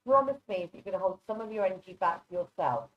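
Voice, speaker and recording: A woman's voice: mid-range voice, animated, fast, dull audio. A woman doing live psychic readings over a video call, affectionate and chatty, calling people darling. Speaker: psychic reader.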